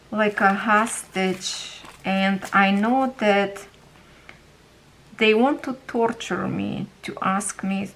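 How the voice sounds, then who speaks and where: Slow, halting woman with a Ukrainian accent. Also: medium pitch, fairly bright tone, slight background noise, rough recording. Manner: halting, searching for words. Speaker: craft vlogger. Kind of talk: casual storytelling while organizing.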